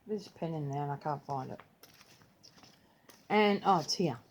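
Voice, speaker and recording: A woman's voice: low voice, moderate pace, a little hiss or hum. An older grandmother, chatting casually in her vlog, rambling and slipping into playful voices when she retells things. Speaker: vlogger. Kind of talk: casual chat.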